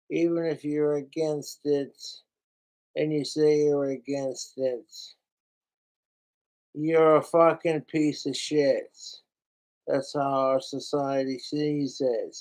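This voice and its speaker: A man's voice: on the high side, a little mellow. A man hosting a podcast, ranting in a casual, heated and profane way. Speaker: podcast host.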